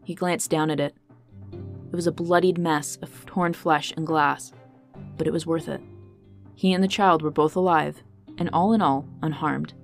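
Low-voiced woman narrating a dramatic story. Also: steady tone, unhurried. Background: faint guitar music.

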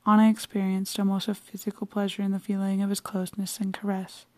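A woman reading a classic novel aloud in a soft, often half-whispered, unhurried way. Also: medium pitch, monotone, dry recording. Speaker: reader.

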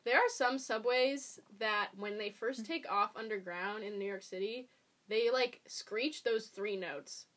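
A woman's voice: mid-range voice, measured pace, a bit bright. A young woman chatting casually as a podcast guest, rambling with many ums and likes. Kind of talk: casual chat.

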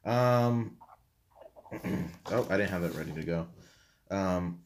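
A man's voice: low voice, slow, slight background noise. A man co-hosting a casual podcast, rambling with lots of fillers and self-deprecating asides. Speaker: podcast co-host. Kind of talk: casual chat.

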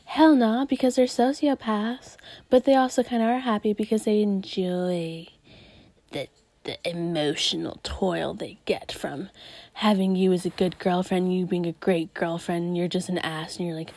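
A woman's voice: mid-range voice, measured pace, a little mellow, no room sound. A woman hosting a podcast, ranting in a crude, profane, casual way, full of groans and disgusted sighs. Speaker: podcast host.

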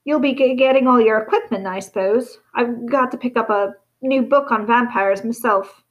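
A woman's voice: a little high, normal speed, muffled recording, natural voice. A woman doing a stammering, jittery young professor. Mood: nervous. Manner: heavy stammer.

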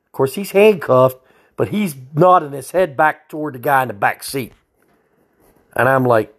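A man's voice: medium pitch, normal speed, fairly bright tone. A man, a state trooper telling a story in a blunt, profane, folksy way. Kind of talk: casual storytelling.

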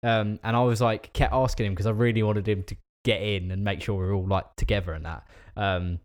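A man's voice: on the low side, steady tone, brisk. A young man co-hosting a podcast, teasing his friends and laughing as he tells a story. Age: young adult. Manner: teasing, laughs while telling stories. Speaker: podcast co-host. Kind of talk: casual banter, storytelling.

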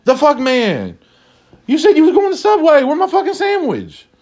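A man's voice: extremely high pitch, huge pitch swings, normal speed, darkish tone, voice pushed up, full character voice. A man voicing an exasperated male store coworker, squealing in indignant outrage.

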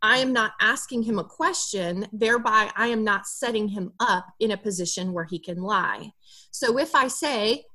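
A woman therapist explaining parenting strategies in a podcast interview, often acting out gentle lines a parent might say to a child. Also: medium pitch, unhurried. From Alabama, USA. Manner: expressive, acts out parent dialogue in a soft voice. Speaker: guest therapist.

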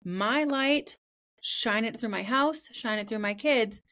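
A woman in her thirties hosting a podcast, telling a story in a blunt, profane, animated way. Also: a little high, slow. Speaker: podcast host and spiritual practitioner. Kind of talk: casual storytelling chat.

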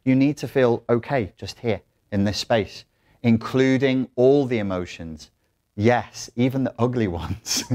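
A man's voice: medium pitch, a little slow, a little mellow. A man giving a live workshop talk to an audience in a blunt, profane, joking way, with restarts. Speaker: workshop speaker.

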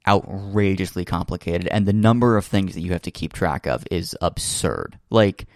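A man's voice: deep voice, normal speed, darkish tone, dry recording, studio quality. Rambling young man telling a story. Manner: rambling, many fillers and restarts, laughs while telling. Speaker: storyteller in casual chat. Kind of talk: casual chat.

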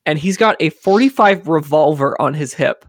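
A man's voice: on the high side, lively intonation, normal speed, no room sound, clean studio sound. A young man casually telling a rambling story among friends, with lots of fillers.

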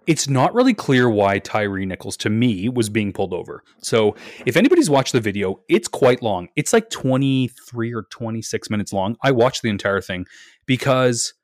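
A young co-host on a casual podcast recounts a story with energy, cursing freely, hedging and restarting. He talks at normal speed in a mid-range voice, captured in dry, clean studio sound.

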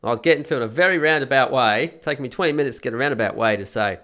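A man's voice: mid-range voice, rapid-fire, few pauses, pushed and bright. A middle-aged man hosting a podcast, telling a rambling, profane story in a casual monologue while sick with a head cold. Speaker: podcast host.

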